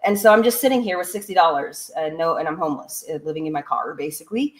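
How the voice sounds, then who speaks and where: A woman guest on a podcast, telling a personal story in a lively way and acting out what others said. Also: low voice, fast. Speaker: podcast guest, construction business owner.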